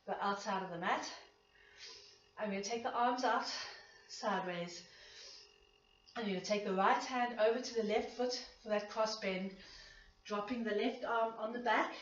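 A woman leading a pilates class, counting reps and a bit out of breath as she exercises along. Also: a little high. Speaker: pilates instructor. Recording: echoey room, distant dull mic.

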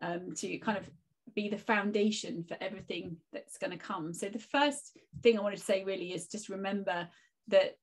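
A woman's voice: medium pitch, fairly even intonation, normal speed. A woman, a guest teacher and author, speaking in a casual conversational interview and giving reflective, encouraging advice.

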